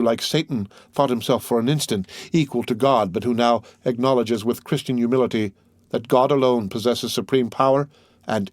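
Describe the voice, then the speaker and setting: A man narrating a classic novel as an audiobook in a measured, steady reading. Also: mid-range voice, no room sound, studio quality.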